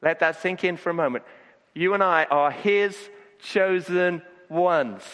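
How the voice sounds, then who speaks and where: High-voiced man preaching in a reverberant hall. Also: unhurried, a bit bright. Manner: earnest, repeats words when starting sentences. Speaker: pastor. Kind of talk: sermon.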